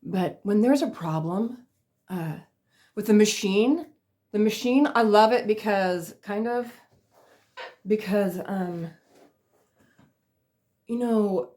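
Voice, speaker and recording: A woman's voice: mid-range voice, slow, long pauses, dark tone. A woman casually telling funny work stories on her vlog, rambling with lots of fillers and laughing at herself. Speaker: vlogger. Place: at home in a chair.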